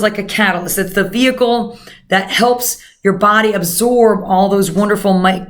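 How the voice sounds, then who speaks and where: Her voice sits in the mid range with a bit of brightness as she teaches nutrition in a relaxed, instructional way. Talking directly to her audience, she rambles happily, leans on filler words, and keeps addressing them as "guys."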